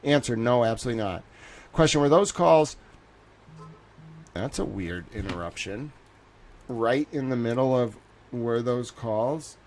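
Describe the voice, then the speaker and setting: A man's voice: mid-range voice, lively intonation, a little slow, long pauses, darkish tone, soft background music. A man hosting a livestream, reading a court transcript aloud and breaking off with amused, laughing commentary. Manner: laughs often and reacts with amused disbelief. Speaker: livestream host.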